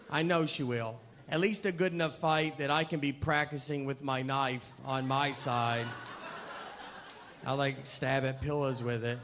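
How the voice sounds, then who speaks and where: A man doing stand-up comedy, telling rambling, self-deprecating stories in a deadpan way. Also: medium pitch.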